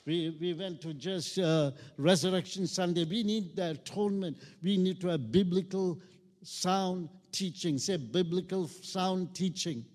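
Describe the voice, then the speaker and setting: Male pastor preaching, fairly high voice, call-and-response, reverberant church hall. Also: unhurried, a little mellow. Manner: call-and-response preaching, rising to emphatic peaks. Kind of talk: sermon.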